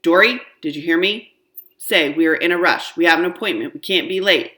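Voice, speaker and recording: A woman reading aloud, voicing a hurried, exasperated mother who scolds her daughter firmly. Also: low voice, fairly bright tone. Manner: firm and scolding.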